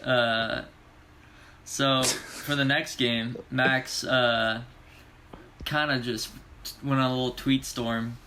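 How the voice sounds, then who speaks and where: A man's voice: medium pitch, little pitch movement, slow, long pauses, background noise. A young man co-hosting a casual sports podcast, laid-back, laughing easily and rattling off stats. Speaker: podcast co-host.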